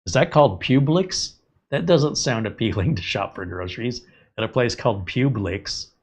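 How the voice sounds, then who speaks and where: A man hosting a tech show, telling a rambling casual story from the US West Coast, chatty and sometimes loud and incredulous. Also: medium pitch, expressive, normal speed, breathy edge. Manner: chatty, gets loud and incredulous when joking. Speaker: tech channel host.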